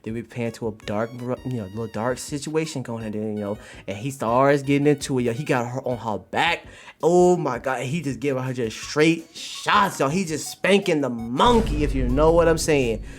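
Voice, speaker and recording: A man streaming live, telling stories in an animated, slang-filled way with big swings in pitch and loudness. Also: normal speed, faint music behind. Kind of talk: casual live-stream commentary.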